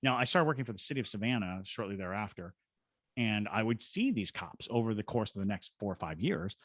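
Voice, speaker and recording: With lively intonation and a fairly quick pace, a middle-aged man from Georgia, USA, tells a podcast story and performs the voices of those in it. He's a paranormal investigator and ghost tour guide with a fairly low, slightly bright voice, and there's no room sound.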